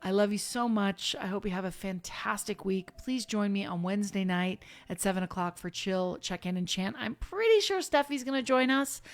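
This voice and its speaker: A woman's voice: mid-range voice, animated, normal speed, few pauses. A woman who ministers at a spiritual community, leading a casual online sermon in a chatty, heartfelt way with bursts of fervent urging.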